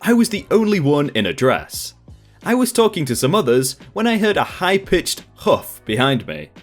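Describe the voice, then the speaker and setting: A man hosting a storytime channel, reading online stories aloud in a lively, expressive scripted narration. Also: on the high side, normal speed, soft background music.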